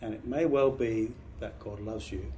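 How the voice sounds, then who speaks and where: A man's voice: fairly low pitch, fairly even intonation, moderate pace, dark tone, a little hiss or hum. A middle-aged British man, a pastor, giving a training talk on preaching in an earnest, emphatic, conversational way with restarts. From Britain.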